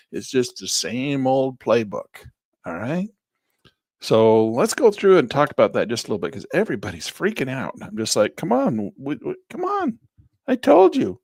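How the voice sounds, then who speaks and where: Male trading instructor, gravelly, lively delivery, close dry mic. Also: medium pitch, no echo. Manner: chatty, animated, jumps between topics. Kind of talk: live online trading class.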